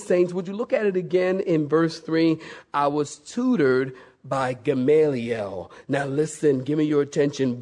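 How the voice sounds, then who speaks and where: A man preaching a sermon to his congregation, acting out the quoted speakers with big swings in pitch and volume. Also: darkish tone.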